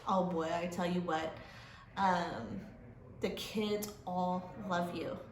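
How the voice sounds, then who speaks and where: A woman's voice: on the low side, steady tone, takes it slowly. A woman giving heartfelt end-of-year praise to students, emotional and laughing. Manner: warm, emotional, laughing, gets choked up. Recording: echoey room with faint noise.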